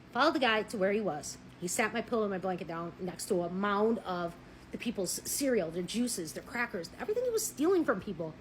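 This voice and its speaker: A woman telling a personal story in a blunt, animated way, swearing freely and acting out what people said. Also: medium pitch, fairly quick, slight background noise, poor audio. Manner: married. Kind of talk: casual storytelling.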